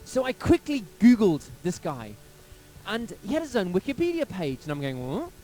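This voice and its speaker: A man from England, a pastor telling a personal story in a sermon, lively and anecdotal, acting out quotes along the way. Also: high-pitched, moderate pace, low-quality recording.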